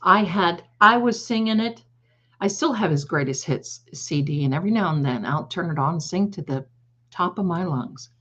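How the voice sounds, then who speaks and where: A woman's voice: on the low side, animated, normal speed, fairly bright tone, husky. An older woman hosting a tarot livestream, telling rambling funny stories in a chatty, digressive way and laughing at her own jokes. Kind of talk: casual storytelling to a live audience. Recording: slightly dull lo-fi sound.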